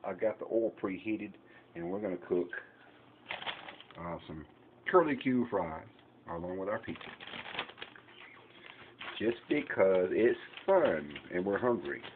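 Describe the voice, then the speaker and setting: A man's voice: sits low, animated, a little slow, pauses often. A man with a Southern US accent, rambling and joking while he shows home cooking on his own channel. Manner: folksy, rambling, jokey. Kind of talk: casual kitchen demonstration. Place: home kitchen. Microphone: camera mic. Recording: tinny, echoey kitchen, faint noise.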